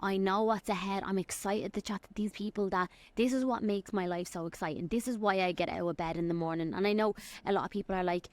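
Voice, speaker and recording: A young woman from Dublin with an Irish accent, hosting a solo podcast and giving an excited, rambling life update. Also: medium pitch, fast, few pauses, dry recording. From Ireland. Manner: excited, rambling, quotes people in little acted voices. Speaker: podcast host and fitness coach.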